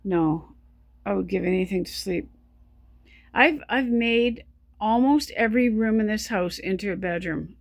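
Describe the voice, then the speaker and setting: Breathless woman, halting weary speech. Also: medium pitch, creaky, no room sound. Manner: halting, stumbling, many restarts. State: short of breath while talking. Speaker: vlogger. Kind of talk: personal video diary.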